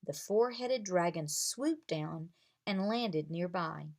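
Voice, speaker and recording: A woman reading a children's chapter book aloud with expressive storytelling. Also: on the low side, slow pace. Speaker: reader.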